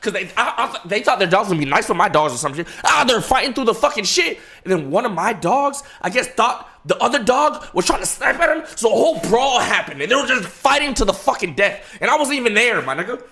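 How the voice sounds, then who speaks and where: Animated young man telling a story. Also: high-pitched, fairly quick, hardly any pauses, slightly rough. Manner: animated, profane, swings between hushed and laughing. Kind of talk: casual storytelling to chat.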